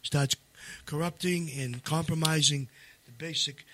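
Rambling, emphatic man with a higher voice. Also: measured pace, fairly bright tone, a little hiss or hum. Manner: rambling, full of restarts and fillers. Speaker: seminar leader and co-author. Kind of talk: casual promotional chat.

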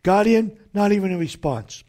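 A man hosting a religious talk broadcast, ranting in a combative, preacher-like way with sudden shouted jabs. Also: sits high, animated, moderate pace. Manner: combative and fiery, jabbing at his targets with sudden shouted outbursts.

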